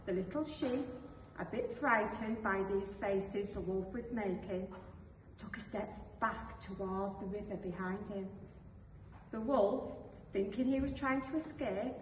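A woman reading a storybook tale aloud slowly and expressively. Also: medium pitch, slight background noise. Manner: slow, expressive. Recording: echoey hall, voice from far off.

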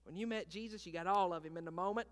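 A man preaching a sermon as pastor. He swings between hushed, intimate talk and loud, fervent preaching, and calls out questions to the congregation. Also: high-pitched, fast talker. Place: church sanctuary. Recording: long reverb of a large hall.

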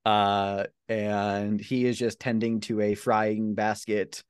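A low-voiced man narrating his character's scene in a tabletop game, stopping and restarting often and leaning on fillers. His voice sounds dry and close, with no room echo around it. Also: level tone, clean tone. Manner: halting, full of fillers and restarts.

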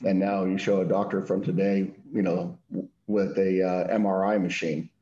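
A man with a very deep, mellow voice speaking in a relaxed, conversational way as an executive on a panel. The sound is dull and echoes around the room. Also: moderate pace. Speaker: venture capital executive. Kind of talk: panel discussion answers.

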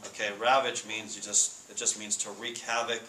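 A man giving a casual sermon to students, asking the room questions and reading scripture slowly. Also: lowish voice, flat delivery, sharp tone. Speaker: Bible study speaker. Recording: echoey room with faint noise.

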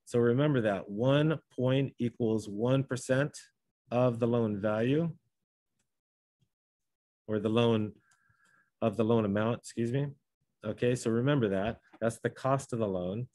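A man's voice: mid-range voice, unhurried, pauses often, dark tone, no room sound. A man teaching a math lesson, talking through each step and correcting himself as he goes. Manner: talks through steps, self-correcting. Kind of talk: classroom lesson.

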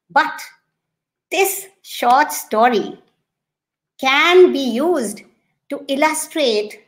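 Expressive woman storyteller. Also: on the high side. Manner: expressive storytelling with deliberate emphasis. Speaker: guest speaker and storyteller. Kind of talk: storytelling talk to educators.

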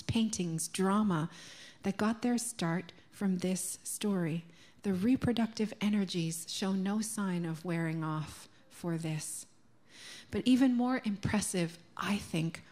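Slow, soft-spoken Canadian woman preaching. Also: medium pitch. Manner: slow, gentle and reflective, dropping to a soft near-whisper on key words. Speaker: minister. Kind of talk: sermon. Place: church sanctuary.

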